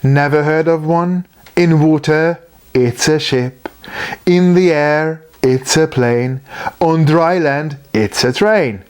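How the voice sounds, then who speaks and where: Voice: medium pitch, takes it slowly, darkish tone, clear, resonant tone, lightly acted. A storyteller voicing a bossy, scornful male leader who talks through pursed lips in a storybook.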